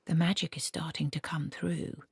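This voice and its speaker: Brief: a cranky old witch, as a woman reader puts her on, low and indignant, dry close sound. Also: level tone, moderate pace, creaky, breathy edge, dry recording, full character voice. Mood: stern. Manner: indignant, clipped outbursts.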